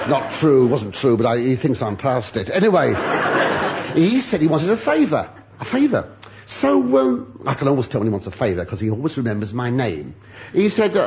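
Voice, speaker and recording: Man, stand-up comic, rambling, lively pitch, noisy old recording. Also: moderate pace. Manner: rambling, self-mocking, mutters asides. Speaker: comedian.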